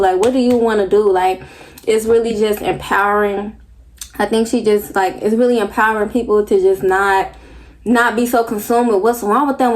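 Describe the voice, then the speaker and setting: A woman's voice: on the high side, fairly even intonation, moderate pace. A woman hosting a reaction video, chatting casually and frankly, full of "like" and the odd swear word. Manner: loose, frank, sprinkled with "like" and swearing. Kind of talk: casual chat.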